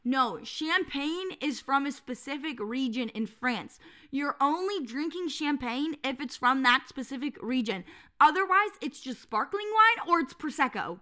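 A woman's voice: high voice, lively intonation, unhurried, pushed and bright. A woman co-hosting a casual podcast, teaching German words with a lot of laughter and playful ranting. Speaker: podcast co-host. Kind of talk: casual chat.

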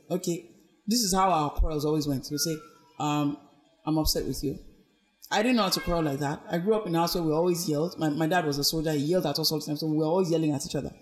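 A woman as a podcast guest, telling her personal story in an earnest, reflective way and animatedly acting out what others said. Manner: animated, acts out quoted speech with big pitch swings.

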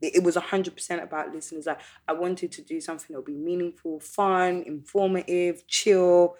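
Low-voiced, husky woman podcast host. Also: steady tone, a little fast, a little mellow. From Caribbean heritage. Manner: chatty, playful, slang-laced. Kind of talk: casual podcast chat.

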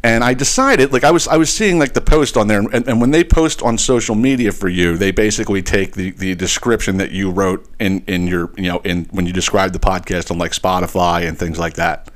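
A man's voice: low-pitched, brisk, hardly any pauses. A man hosting a podcast, telling a long exasperated story in a casual, profane ranting way. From eastern Pennsylvania. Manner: profane, exasperated, animated retelling. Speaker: podcast host.

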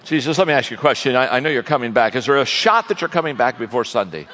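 A man's voice: mid-range voice, lively intonation, fast, pushed and bright, a little hiss or hum. A man preaching a sermon in a folksy, joking storytelling manner to a large audience. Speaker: pastor, guest speaker. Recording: long reverb of a large hall.

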